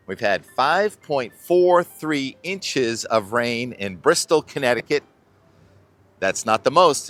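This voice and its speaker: A man's voice: mid-range voice, bright, forceful tone. A middle-aged man hosting a weather vlog outdoors on a beach, talking casually and thinking aloud about the forecast into a clip-on mic. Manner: chatty, rambling, thinking aloud.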